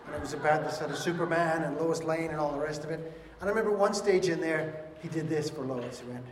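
Speaking quickly in a somewhat high voice, a man preaches to his congregation on Easter, animatedly acting out the biblical figures. He is a pastor in a church hall, recorded from a distance with a noticeable echo.

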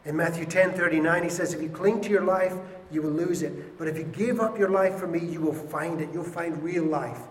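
A man preaching a sermon with passion, swinging between loud and hushed delivery. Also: a little high, steady tone, brisk, hardly any pauses. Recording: echoey hall with faint ambience.

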